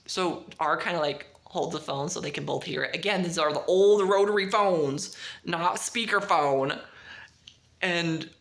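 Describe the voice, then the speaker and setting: A woman casually reviewing a book, retelling the plot in a rambling, animated way with lots of "like". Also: lowish voice, unhurried.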